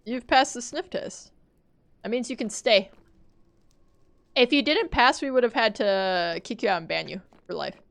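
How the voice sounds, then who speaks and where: Panicky, excitable woman streamer. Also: fairly high pitch, normal speed, gravelly, long pauses. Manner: panicky, excitable, talks to chat. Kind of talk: live gameplay commentary.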